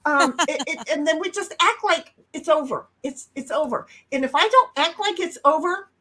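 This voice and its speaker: Casual livestream co-host, woman, high voice, brash, swears, sudden loud bursts. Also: animated, moderate pace. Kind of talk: casual chat.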